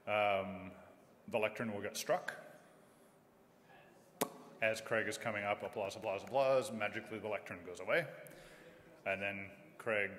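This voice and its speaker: Guy doing a mic check on a big stage, counting one two three, lowish voice, lots of hall reverb. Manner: counting into the mic, demonstrating loud and soft speech. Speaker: event sound technician. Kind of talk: mic check and run-through. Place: large event hall with a stage. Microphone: stage microphone through a PA.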